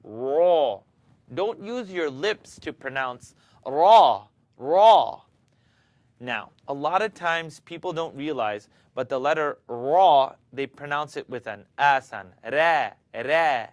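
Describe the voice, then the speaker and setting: Male recitation teacher, slow and patient, repeats sounds for learners in a dry, close room. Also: on the high side, expressive, dry recording. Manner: slow, patient, demonstrating each sound aloud. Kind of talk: recorded video lesson.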